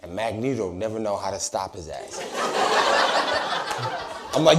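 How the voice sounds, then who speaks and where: A man doing stand-up crowd work on a comedy club stage, brash, swinging from shouts to mumbled asides. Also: lowish voice, lively intonation, moderate pace, long pauses.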